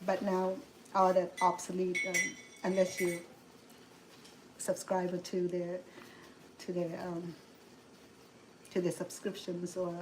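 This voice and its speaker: A woman's voice: fairly low pitch, monotone, slow, long pauses, background noise. A middle-aged woman with a Cambodian accent, chatting casually as a cooking show host, rambling with many restarts and fillers. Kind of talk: casual chat.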